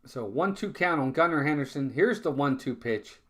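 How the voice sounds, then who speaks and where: A man's voice: a little high, animated, normal speed. A man calling live baseball play-by-play in a casual, chatty way, often repeating words and talking to his viewers. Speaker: fan play-by-play streamer.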